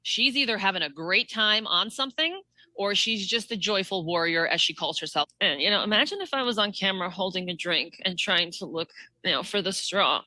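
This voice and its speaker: A woman in an interview, walking through how she studies a voice for an impression. Her tone is bright and forward, and the recording is dry and close. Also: medium pitch, expressive, fairly quick, no echo, poor audio. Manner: explanatory, analytical. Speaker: impressionist guest. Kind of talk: interview answers.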